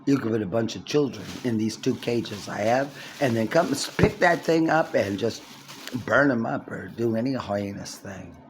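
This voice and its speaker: A man in his sixties talking to camera in a long rambling monologue, swinging from low mutters to loud outbursts, indoors in his apartment building. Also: animated, normal speed, slight background noise. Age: 60s. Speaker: vlogger.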